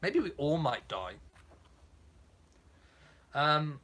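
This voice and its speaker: A man's voice: on the high side, big pitch swings, extremely slow, a bit bright. A man hosting a casual live chat, reading out viewer comments in a camp, theatrical, self-mocking way.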